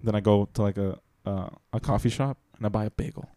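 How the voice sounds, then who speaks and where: A man's voice: lowish voice, quick pace, dark tone. A young man co-hosting a casual chat podcast, rambling with lots of fillers, apologizing and laughing often. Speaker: podcast co-host.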